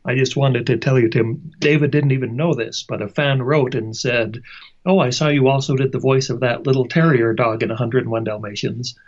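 A man's voice: medium pitch, steady tone, brisk. Male participant, friendly and anecdotal, dull lo-fi line. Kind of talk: conversational interjection.

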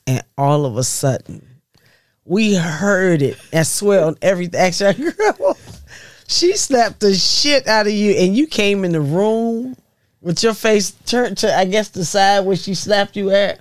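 Animated storytelling mom, dry sound. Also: female voice, medium pitch, measured pace, no room sound. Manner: animated, profane storytelling with laughs. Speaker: mother of the guests, podcast guest. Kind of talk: casual family storytelling.

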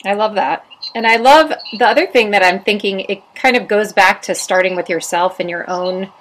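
A woman's voice: mid-range voice, normal speed, fairly bright tone, poor audio. A woman hosting a podcast interview, agreeing with her guest and adding her own thoughts. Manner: affirming, short backchannel replies. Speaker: podcast host.

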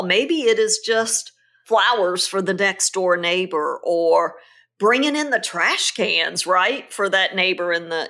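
A woman's voice: medium pitch, fairly bright tone. Woman hosting a podcast, earnest, voice bouncing up and down a lot. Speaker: podcast host. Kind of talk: casual chat.

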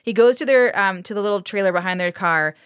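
A woman co-hosting a casual podcast, telling the story of an old TV episode with frequent swearing and exasperated asides. Her voice sits at an ordinary middle pitch. The sound is close and dry, with no room around it. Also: fast talker, smooth, no room sound. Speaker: podcast co-host. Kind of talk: casual chat recapping a TV episode.

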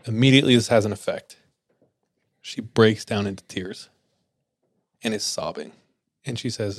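A man hosting a podcast, telling ghost stories in a relaxed way with lots of filler words. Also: lowish voice, normal speed, long pauses, dry recording, studio quality. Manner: relaxed, filler-heavy, laughs easily. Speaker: podcast host. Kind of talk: casual spooky storytelling.

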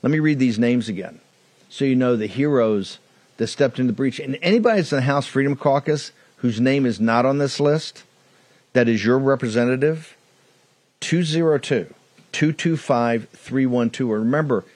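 A man's voice: mid-range voice, normal speed, a little mellow, dry recording. Emphatic man hosting a political show. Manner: emphatic, repetitive, mocking. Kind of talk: combative political monologue.

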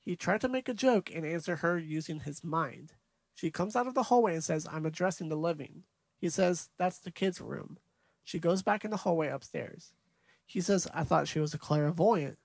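Man, podcast co-host, gravelly voice, slightly higher pitch, dry close sound, casual movie recap. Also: animated, normal speed, no echo. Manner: recaps scenes from notes, laid-back.

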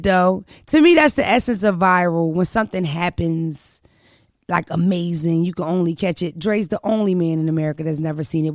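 Brash, profane woman with a gravelly edge. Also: lowish voice, no echo, studio quality. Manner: brash, profane, emphatic storytelling. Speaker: podcast host. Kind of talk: casual storytelling chat.

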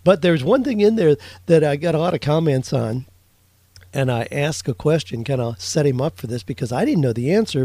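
A man's voice: on the high side, dark tone, no echo. Chatty man hosting a podcast. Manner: chatty, reads listener questions. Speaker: podcast host. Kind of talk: solo podcast talk.

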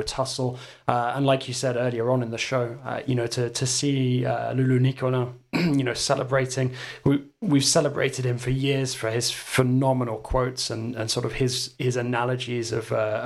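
A man's voice: mid-range voice, vocal fry. A man speaking as a guest pundit in casual football chat, enthusiastic and full of fillers.

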